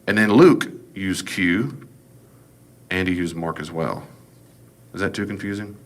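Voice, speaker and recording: A man's voice: deep voice, measured pace. A man teaching an informal Bible class, folksy and digressive with joking asides.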